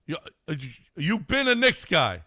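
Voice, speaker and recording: A man's voice: sits high, huge pitch swings, a little slow, pushed and bright. A man hosting a casual sports radio chat, pushing back on his guest with amused skepticism.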